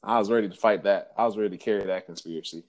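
A man's voice: on the low side, racing. A man co-hosting a casual chat, slangy and rambling, acting out quotes as he talks.

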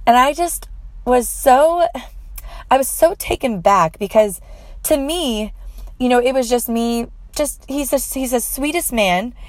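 A woman's voice: a little high, a little slow, darkish tone, no echo. A woman telling a personal story in an earnest, heartfelt way, with frequent fillers and restarts.

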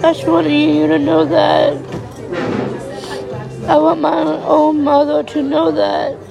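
A woman talking in a personal podcast monologue, halting and repeating herself, her voice breaking and teary. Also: high voice, flat delivery, gravelly, music in the background, low-quality recording.

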